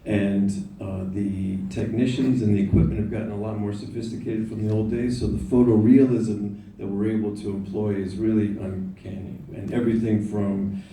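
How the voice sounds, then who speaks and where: A man on a theater panel, explaining in a measured, steady way. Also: lowish voice. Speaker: actor and producer on a panel. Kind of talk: casual panel talk. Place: theater stage. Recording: echoey theater, distant mic.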